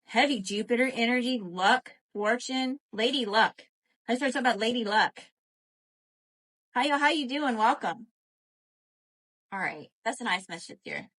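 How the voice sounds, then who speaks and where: Brief: woman tarot reader, slightly high voice, lively and profane, chats to viewers live. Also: normal speed, long pauses. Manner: animated, profane, addresses viewers as y'all.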